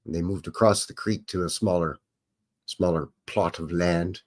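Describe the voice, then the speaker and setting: A man's voice: sits low, steady tone, normal speed. A middle-aged man hosting a livestream, rambling casually and greeting viewers from the chat by name. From Canada. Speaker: livestream host. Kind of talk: casual live commentary over old footage.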